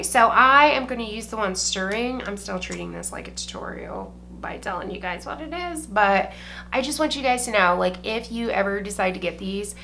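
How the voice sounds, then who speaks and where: A woman's voice: mid-range voice, creaky, sharp tone, slight background noise. A young woman chatting casually while doing her makeup, a beauty vlogger who talks loosely, swears freely and says "like" constantly. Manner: chatty and profane, heavy use of "like".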